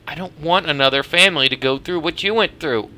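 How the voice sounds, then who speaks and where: A man voicing a doctor who speaks softly and apologetically in a game's story. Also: a little high, slight background noise, voice pushed up. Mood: somber. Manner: soft, apologetic and measured. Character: somber male doctor breaking bad news.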